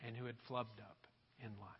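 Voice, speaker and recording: A male pastor preaching a sermon to his congregation, telling a story in an animated way. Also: medium pitch, a little fast, a little hiss or hum. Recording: dull sound, long hall reverb.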